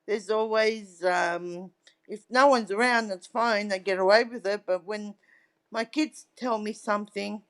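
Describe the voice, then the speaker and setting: With a smooth, steady, medium-pitched voice and a slightly slow pace, a middle-aged woman appears as a guest in a laid-back interview. She tells her stories chattily and often checks in with "right?"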